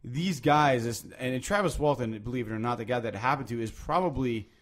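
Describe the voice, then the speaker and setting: A man hosting a podcast, talking casually and at length, with many restarts, lively emphasis and frequent swearing. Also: medium pitch, brisk. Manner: rambling, animated, swears freely, many restarts. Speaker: podcast host.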